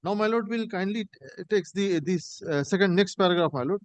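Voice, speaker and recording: A man arguing a case in a courtroom, halting and repeating "my lord" while reading from a judgment. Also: high-pitched, dry recording, low-quality recording. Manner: halting, addresses the bench as my lord in nearly every phrase; reads passages from a judgment aloud. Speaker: advocate arguing an appeal. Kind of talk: courtroom argument.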